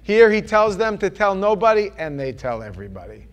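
A man preaching a sermon in a loose, conversational way, rambling with restarts and often dropping to a quiet murmur. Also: high voice, very animated, brisk.

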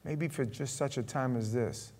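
Middle-aged guy preaching, telling a story and acting out the voices, medium pitch. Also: moderate pace. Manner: storytelling, animated, acts out dialogue. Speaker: pastor. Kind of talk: sermon.

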